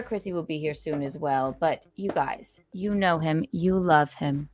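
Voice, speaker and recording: A woman's voice: low-pitched, unhurried, hardly any pauses, a bit bright, no echo. A woman hosting a casual livestream, chatting and playfully reading out viewer donations. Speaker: livestream host.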